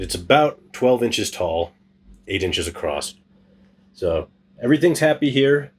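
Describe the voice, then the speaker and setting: Slight background noise sits behind this man's lowish voice as he shows his hydroponic harvest on his gardening channel. The demonstration is casual and hands-on, his chat upbeat, joking, and self-deprecating.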